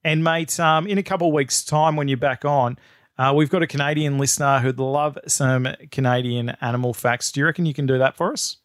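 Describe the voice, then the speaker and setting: A man's voice: mid-range voice, steady tone, fairly quick, dry recording, clean studio sound. A man hosting a casual podcast, jokey and matey. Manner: jokey, matey, laughs easily. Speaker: podcast host.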